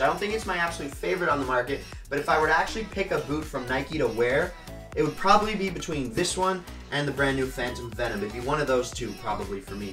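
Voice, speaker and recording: A man hosting his own sports gear channel, giving a casual product review in a chatty, hedging way. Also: on the high side. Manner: chatty and hedging, full of "sort of" and "you know".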